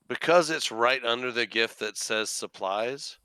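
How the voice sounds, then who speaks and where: A man's voice: mid-range voice, clear, resonant tone, dry recording. A man acting as dungeon master, casually running a tabletop game session online and making easygoing rulings. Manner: casual, relaxed rules rulings with small restarts.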